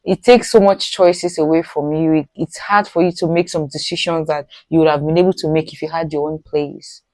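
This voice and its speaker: A woman with a Nigerian accent reacts to a clip as the host of her channel. She sounds incredulous and moralizing, with a slightly low voice. The room is dry and close. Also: fairly even intonation, fairly quick, darkish tone, no echo. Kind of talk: reaction commentary.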